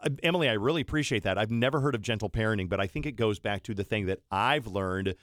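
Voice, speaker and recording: A man's voice: lowish voice, fast talker, fairly bright tone, no room sound, studio quality. A middle-aged man, hosting a radio talk show and telling stories in a blunt, opinionated way.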